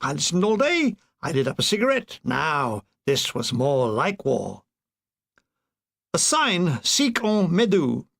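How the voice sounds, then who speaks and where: A man reading a comic war memoir aloud, landing his puns with deadpan timing. His voice sits high and has a gravelly rasp. His pitch moves around a great deal. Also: takes it slowly. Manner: deadpan, playful punning delivery. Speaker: narrator.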